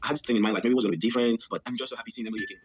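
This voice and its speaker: A man's voice: mid-range voice, steady tone, rapid-fire, slightly rough. A man in his thirties from Cameroon, speaking in an earnest, heartfelt way in a reality-show confessional interview. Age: 30s. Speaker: reality show cast member. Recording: background music under voice.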